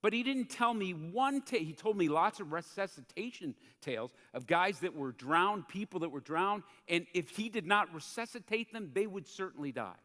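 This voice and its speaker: A man preaching a sermon as a pastor in a church, in a conversational, animated way that acts out the quotes he tells. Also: high-pitched, moderate pace, few pauses. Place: church sanctuary. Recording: church hall reverb.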